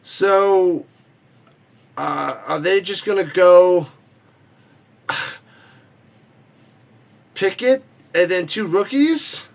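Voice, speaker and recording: A man with a notably high-pitched voice hosts a live football watch party stream. He rambles casually, cracks jokes, and reads viewer comments aloud between quick play-by-play calls. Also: gravelly.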